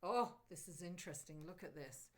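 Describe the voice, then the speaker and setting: A middle-aged woman doing a live tarot reading. She talks in an animated, chatty way and speaks directly to her viewers. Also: on the low side, a little fast. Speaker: astrologer and tarot reader.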